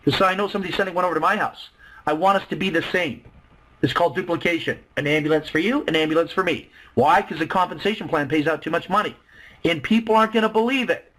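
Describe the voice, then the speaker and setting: A man presenting a network marketing plan to a webinar audience, excited and emphatic, often acting out both sides of a conversation. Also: on the high side, fast, rough recording. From Canada. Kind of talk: animated sales pitch to a webinar.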